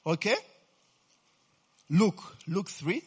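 A man's voice: sits high, lively intonation, drawn-out words, darkish tone, husky. A man preaching a Bible teaching sermon, who keeps asking the congregation if they understand, repeats his questions for them to answer, and punctuates his points with hallelujah and glory be to God.

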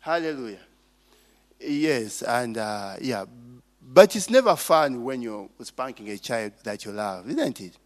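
A man's voice: mid-range voice, big pitch swings, measured pace. A man preaching a sermon, calling out for responses from the congregation and cracking jokes in between. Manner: call-and-response with the congregation, joking asides.

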